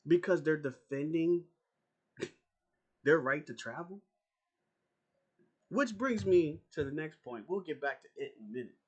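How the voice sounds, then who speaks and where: A man with a fairly high voice rants straight at the camera, combative and profane. He hammers the same points again and again. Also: expressive, a little slow, long pauses, darkish tone, breathy edge, muffled recording. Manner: profane, confrontational, repeats himself. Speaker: YouTuber. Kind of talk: angry political rant to camera.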